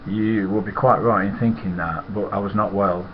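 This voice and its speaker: A man's voice: on the low side, fairly even intonation, moderate pace, muffled recording, noisy background. A man, a former lorry driver telling stories in a rambling, blunt and profane way. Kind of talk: casual storytelling monologue.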